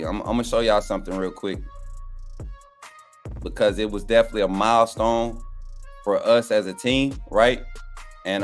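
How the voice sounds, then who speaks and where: A young man, a co-panelist on a sports show, chatting casually and folksily with his viewers. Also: on the low side. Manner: relaxed, folksy, addresses viewers as y'all. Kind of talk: casual live stream chat.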